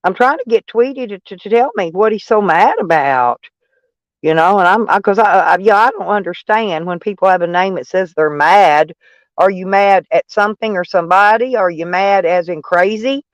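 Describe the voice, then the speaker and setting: Southern guy on a live stream, pretty high voice, rambly and joking on himself, reading out viewer comments. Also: moderate pace, no room sound, dull audio. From Arkansas. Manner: rambling, joking and self-mocking, breaks into laughs.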